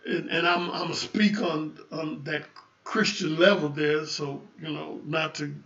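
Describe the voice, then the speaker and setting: A man giving a rambling spiritual talk on a livestream, stumbling over restarts and building to loud preaching. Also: fairly high pitch, flat delivery, unhurried. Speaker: livestream host. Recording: echoey room, distant dull lo-fi mic.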